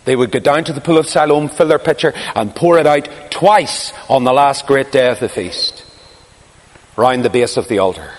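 A man preaching a sermon, telling a story dramatically, swinging from hushed asides to crying out. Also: mid-range voice, moderate pace. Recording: long hall reverb.

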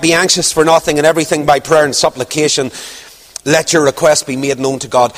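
A man preaching a sermon, emphatic, rising to near-shouts on key points. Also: a little high, fairly even intonation, moderate pace, long reverb tail.

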